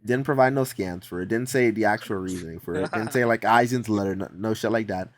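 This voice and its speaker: A man's voice: lowish voice, quick pace, no echo. Blunt profane man mocking a video. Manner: blunt, profane, laughing mockery. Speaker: stream host reacting to a video. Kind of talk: casual reaction chat.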